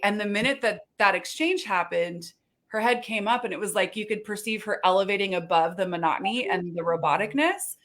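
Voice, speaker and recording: A woman on a video call telling a funny everyday story in casual chat, animated and quick to laugh. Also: medium pitch. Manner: animated, laughing, acts out quoted voices.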